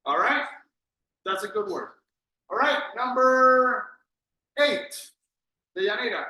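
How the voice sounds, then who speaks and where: A man's voice: very high voice, expressive, slow, sharp tone, echoey room, poor audio. A man teaching an English class, patiently correcting students and drilling pronunciation.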